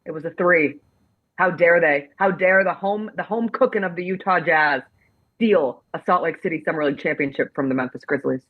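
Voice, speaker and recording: A woman's voice: fairly low pitch, brisk, no echo, phone-quality sound. A woman hosting a sports talk show, speaking emphatically with playful indignation.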